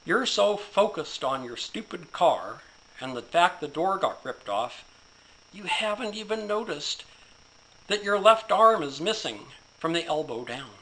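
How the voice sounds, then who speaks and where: A guy doing a stern old-hand cop giving a lecture, firm and slow. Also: fairly high pitch, very animated, pushed and bright, voice pushed up, full character voice, low-quality recording. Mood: dry. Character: stern veteran male police officer, lecturing.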